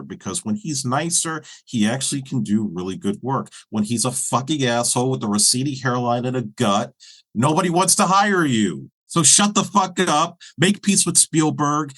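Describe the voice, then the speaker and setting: A man's voice: medium pitch, fairly bright tone. A man with an ordinary mid-range voice weighs in on a film during a casual podcast chat. He is blunt and opinionated, and he swears without holding back. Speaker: podcast co-host.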